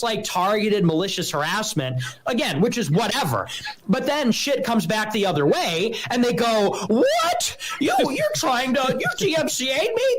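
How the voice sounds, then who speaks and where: A man's voice: sits high, fairly bright tone, poor audio. A man hosting a livestream, ranting casually and emphatically, mocking others in put-on voices. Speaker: livestream host.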